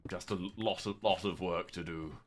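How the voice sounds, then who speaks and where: Deep-voiced British man chatting on stream. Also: fairly even intonation, normal speed, a little hiss or hum. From Britain. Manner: chatty, sweary, reads chat aloud and reacts with sudden loud outbursts. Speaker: livestreamer. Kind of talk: casual livestream chat.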